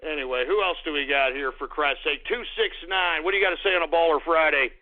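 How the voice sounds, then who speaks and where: A man's voice: a little high, fast. A man hosting a call-in radio show, combative and profane, ranting at callers. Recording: tinny phone-like radio audio.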